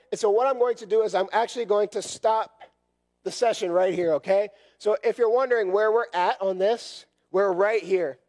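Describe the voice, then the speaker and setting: High-voiced hoarse man leading a session. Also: a little mellow. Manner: repetitive, conversational, constantly checks in with "right?". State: hoarse from a cough. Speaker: session leader at church workshop. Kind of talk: teaching a session to a group.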